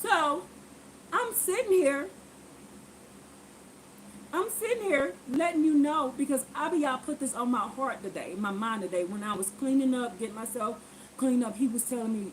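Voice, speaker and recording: A woman vlogger telling a personal story to her viewers in a lively, preachy way, acting out what people said. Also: high voice, moderate pace, a little hiss or hum, rough recording. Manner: animated, acts out quotes in voices; preachy, addresses viewers directly. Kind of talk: casual storytelling testimony.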